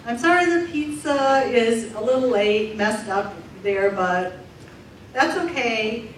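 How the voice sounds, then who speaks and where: A woman interpreting a deaf comedian's stand-up set aloud for a live audience, in a lively, animated way. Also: a little high, slow, slight background noise. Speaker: sign language interpreter voicing a deaf comedian. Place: large room with a live audience. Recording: echoey distant room recording.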